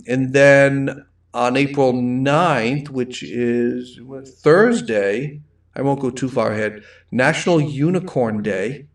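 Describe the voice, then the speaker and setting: A man's voice: medium pitch, far from the mic. A middle-aged man with a thick Rhode Island accent, hosting a casual live wine show, rambling and reading viewer comments aloud. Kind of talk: casual live-stream chat.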